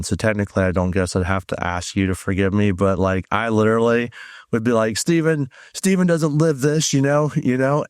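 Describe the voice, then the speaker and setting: A man, a guest on a talk, telling his life testimony in a rambling, animated way with lots of fillers. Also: on the low side, clear, resonant tone, no room sound, clean studio sound. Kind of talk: conversational testimony.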